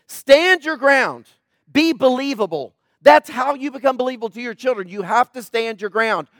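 High-pitched middle-aged guy preaching, punchy, repeats himself, gets the crowd to answer, dry close sound. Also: a bit bright, no echo. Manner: emphatic, repeats key points and asks the audience to respond. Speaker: pastor. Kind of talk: sermon.

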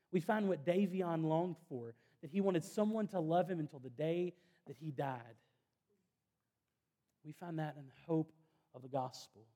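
A pastor, his voice sitting a little high for a man yet warm and mellow in tone. He talks to the congregation earnestly and conversationally, and slips in self-deprecating asides. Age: 30s. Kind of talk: sermon.

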